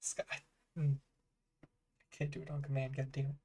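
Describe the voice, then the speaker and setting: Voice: mid-range voice, monotone, moderate pace, mellow. Laughing, self-deprecating game master. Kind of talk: running a tabletop game on a call.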